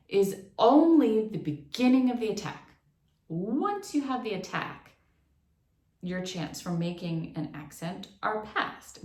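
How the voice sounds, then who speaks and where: A woman gives an online singing lesson, explaining articulation in a plain, even voice. Every so often she sings short demonstration syllables. The room around her is echoey, with a noticeable ring. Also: mid-range voice. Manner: explanatory, breaks into sung demonstrations. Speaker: vocal instructor.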